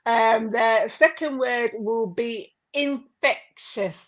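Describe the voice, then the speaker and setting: A woman's voice: fairly high pitch, slow, highs cut off. A woman, a guest in a casual interview, talking energetically and laughing often. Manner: energetic, laughing, slips into put-on voices.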